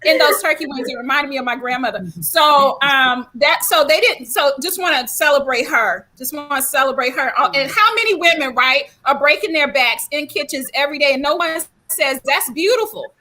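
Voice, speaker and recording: A middle-aged woman from South Carolina tells stories on a panel talk. Her voice sits high and bright. She talks in a folksy, animated way and acts out quoted people in their own voices. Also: a little fast, few pauses. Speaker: guest speaker.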